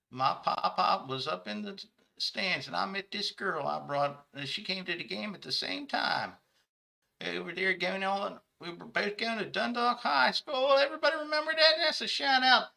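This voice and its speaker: Brash local radio host, male, squealing high and loud, hawking sponsors. Man putting it on. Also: creaky, full character voice. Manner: shouty promo patter, plugging sponsors.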